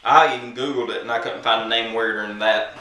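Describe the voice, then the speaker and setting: A boastful man spins a playful comic tale for his followers, full of swagger. His voice is bright and forward. It sounds roomy, captured by a camera mic a few feet away. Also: mid-range voice, fairly even intonation, fast, far from the mic. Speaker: comedy vlogger.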